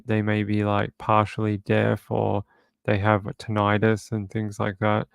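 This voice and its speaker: A man's voice: lowish voice, vocal fry, no echo. A man hosting a true crime livestream from home, chatting casually and reading viewer comments aloud.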